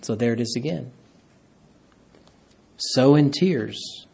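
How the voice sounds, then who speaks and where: Husky-voiced man preaching a sermon. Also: mid-range voice, takes it slowly. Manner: preaching with dramatic swings from hushed to loud, stretching key phrases.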